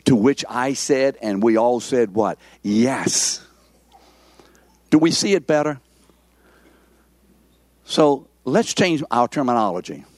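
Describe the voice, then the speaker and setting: Slow, emphatic male pastor, dry close sound, repeats points and asks for amens. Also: mid-range voice, animated, a little mellow, no echo. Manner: emphatic, repetitive, calls for amens. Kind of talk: sermon.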